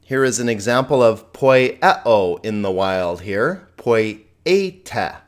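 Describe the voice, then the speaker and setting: A man teaching a recorded Greek grammar lesson in a patient, chatty way, slowly spelling out Greek words and laughing at his own typing slips. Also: fairly low pitch, animated. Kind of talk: recorded screen lecture.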